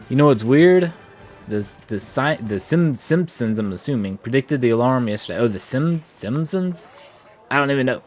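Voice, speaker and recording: A gaming streamer with a medium-pitched voice chats with viewers at a fairly quick clip, reading chat aloud and making playful asides during a casual livestream. Allergies leave him a little short of breath, and faint music plays behind him.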